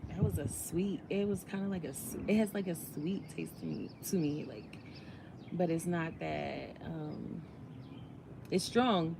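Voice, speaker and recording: A woman's voice: on the low side, unhurried, vocal fry, noisy background. A woman vlogger chatting casually while eating, in a laid-back, chatty way.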